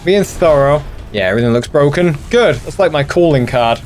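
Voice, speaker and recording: A man's voice: on the high side, expressive, brisk, soft background music. A young man hosting a gaming channel, chatting casually and mocking himself as he plays. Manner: self-deprecating, sweary, chatty. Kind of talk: casual let's play commentary.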